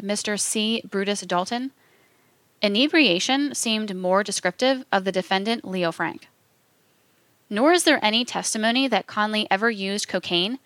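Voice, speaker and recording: A woman reading scripted documentary narration in a measured, formal way. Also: mid-range voice, a bit bright, dry recording. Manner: measured, reads quotations aloud with formal announcements.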